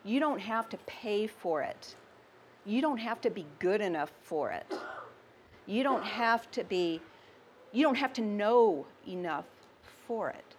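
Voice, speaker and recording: Slow, emphatic woman preaching a sermon. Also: mid-range voice, expressive, a little hiss or hum. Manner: conversational, asks the congregation questions.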